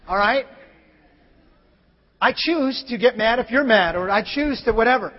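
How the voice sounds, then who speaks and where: A very high-voiced man preaches a sermon, reading scripture and then sharing quiet, candid confessions. His voice rings through a large hall with a long tail of reverb, and the sound comes across muffled. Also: expressive, unhurried, long pauses. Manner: swings from shouted scripture to quiet personal confession. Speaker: pastor. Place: church sanctuary.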